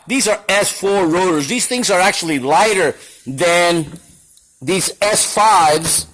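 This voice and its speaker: A man's voice: sits high, expressive, takes it slowly, a bit bright, rough recording. A man working as a shop machinist gives an angry, blunt and profane demonstration to camera in his machine shop.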